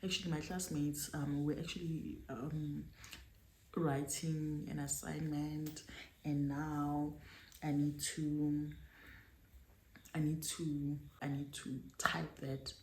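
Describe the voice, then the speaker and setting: A woman's voice: low-pitched, slow pace. A young South African woman with a South African accent telling a dramatic story in a storytime vlog, switching between languages as she goes. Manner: animated, dramatic retelling with code-switching. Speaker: YouTuber. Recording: echoey room with faint noise.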